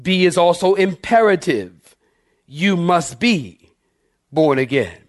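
A male pastor delivering a sermon in a fairly high-pitched voice. He preaches emphatically and keeps calling on his congregation to answer him. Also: animated, slow.

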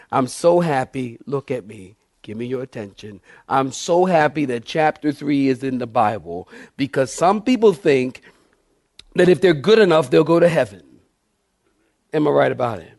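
Emphatic preacher man, higher-pitched voice. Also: big pitch swings, normal speed, a little mellow, dry recording, clean studio sound. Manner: emphatic preacher, repeating key phrases and asking the congregation questions. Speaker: pastor. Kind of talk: sermon.

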